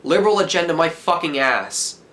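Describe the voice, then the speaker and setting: A teenage boy in a heated, profane rant, yelling at the camera as a vlogger. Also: fairly high pitch, animated, brisk. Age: teens.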